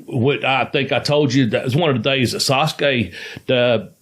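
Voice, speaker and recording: A man's voice: mid-range voice, normal speed, a bit bright. A man co-hosting a podcast, a former wrestler telling rambling, profane stories and laughing as he goes. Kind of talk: casual storytelling chat.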